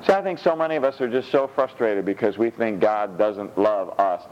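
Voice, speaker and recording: A man preaching a sermon in a church, reading scripture with animated, rising delivery. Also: normal speed, lo-fi sound. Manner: animated, rises high when reading scripture.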